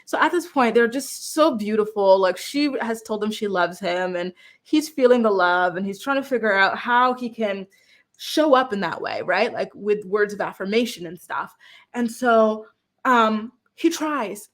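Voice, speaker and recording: Woman host, reality show recap vlog, chatty and animated, mid-pitched voice. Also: measured pace. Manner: animated, chatty, acts out quotes with lots of "like". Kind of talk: casual recap talk to camera.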